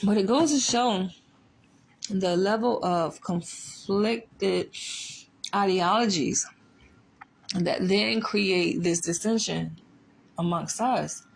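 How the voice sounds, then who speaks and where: A woman's voice: mid-range voice, takes it slowly, gravelly, long pauses. A woman psychologist talking casually and emphatically, often tossing in rhetorical asides. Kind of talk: casual commentary.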